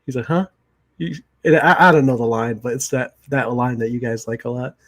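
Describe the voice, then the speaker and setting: A man's voice: mid-range voice, steady tone, a little fast, fairly bright tone, dry recording. A man co-hosting a casual podcast, chatting about a comedy movie and acting out its lines between laughs. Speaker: podcast co-host.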